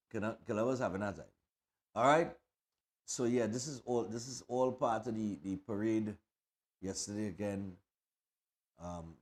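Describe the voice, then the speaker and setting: Chatty Trinidadian man hosting. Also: on the low side. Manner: chatty and rambling, many fillers and restarts. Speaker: morning show host. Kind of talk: casual live commentary over parade footage.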